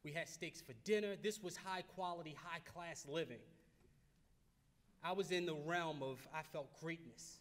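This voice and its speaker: A fairly high-pitched man in his thirties, from Baltimore, delivers a motivational keynote. He speaks earnestly, repeating phrases for emphasis and stumbling into restarts. His voice rings out with a long reverb in a large banquet hall. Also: moderate pace. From Baltimore, United States.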